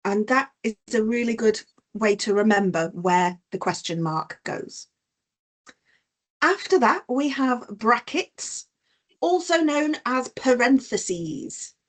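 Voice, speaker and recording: A woman teaching a business-English class online, her voice sitting a little high and her delivery slow and unhurried. She explains each point patiently and stops to give examples, and the sound comes through a video call. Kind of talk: online punctuation lesson.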